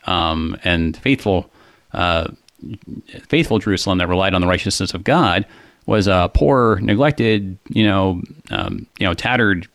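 A man's voice: low-pitched, a little slow, vocal fry, fairly bright tone, no echo, studio quality. A man co-hosting a casual discussion of a psalm, thoughtful and full of fillers and restarts.

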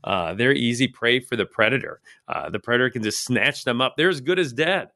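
A man with an animated, bright and forceful mid-range voice co-hosts a casual Bible study chat, speaking fairly quickly as he discusses passages earnestly and reflectively, with frequent fillers and restarts. The sound is clean studio audio with no echo.

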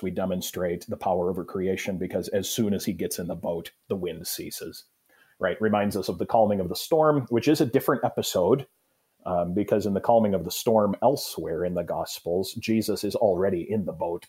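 A man, a pastor, explaining a Bible passage in a thoughtful, unhurried way, often pausing with fillers and restarting sentences. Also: sits low, mellow, breathy edge. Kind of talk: Bible study discussion.

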